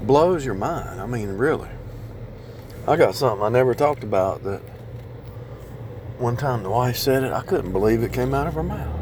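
A man's voice: medium pitch, expressive, normal speed, pauses often, noisy background. A man talking in a rambling casual monologue about faith, with many restarts and repeated phrases. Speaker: speaker sharing religious reflections.

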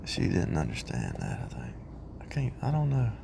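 Against outdoor street and car noise, a married man rambles casually about his faith in a low, gravelly voice with huge pitch swings and a moderate pace. He restarts often and repeats phrases in a preaching cadence.

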